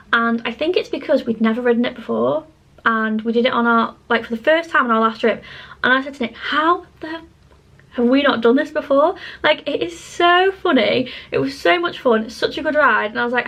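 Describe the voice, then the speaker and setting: A woman's voice: on the high side, gravelly, a bit bright, lo-fi sound. A woman chatting casually to camera as a travel vlogger, bubbly and gushing, with plenty of filler "like"s.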